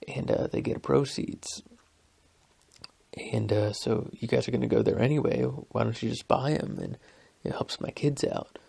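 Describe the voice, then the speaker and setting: A man imitating a low-voiced male coworker who hesitantly pitches a school fundraiser. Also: wildly swooping pitch, normal speed, creaky, slightly rough, exaggerated voice. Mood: coaxing. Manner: soft, hesitant, full of "uh". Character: low-voiced dad coworker selling gift cards.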